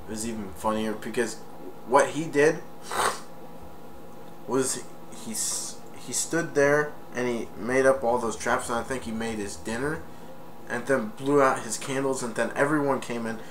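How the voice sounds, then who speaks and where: A man casually retelling a movie plot in a rambling, excitable way for a home video review. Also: mid-range voice, measured pace, a little hiss or hum.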